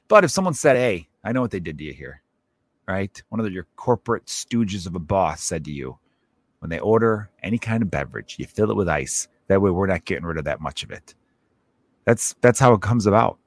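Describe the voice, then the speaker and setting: A man's voice: on the low side, dry recording. A man hosting his own podcast as a stand-up comedian, rambling through a profane comic monologue and acting out little scenes in other voices.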